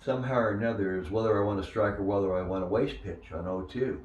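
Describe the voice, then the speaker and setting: An older man recalling his days as a minor league pitcher, telling stories and acting out the voices of others. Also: quick pace, dull audio. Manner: animated storyteller who acts out quoted voices. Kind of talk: storytelling interview. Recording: echoey room, distant mic.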